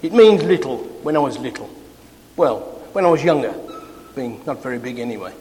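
A man with an English accent giving a Bible class talk to a congregation, self-deprecating and quickening as he gets excited. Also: mid-range voice, slight background noise. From England. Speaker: preacher. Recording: long hall reverb.

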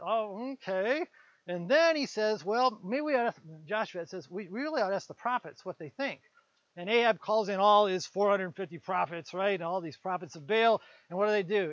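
A man preaching a conversational sermon, retelling a Bible story with quick voiced asides for its characters. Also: high-pitched, no echo. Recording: dull, lo-fi sound.

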